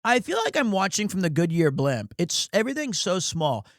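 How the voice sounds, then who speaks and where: A man riffs through casual sports commentary, rambling, crude and quick to mock himself. His voice sits notably high. The sound is dry and close, with no room echo. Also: sing-song, fairly bright tone. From United States. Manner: rambling, crude, self-mocking. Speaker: streamer.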